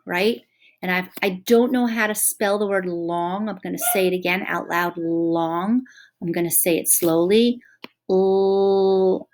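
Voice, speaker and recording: A woman teacher giving a drawing and labeling lesson to young children, speaking gently and slowly sounding out words. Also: medium pitch.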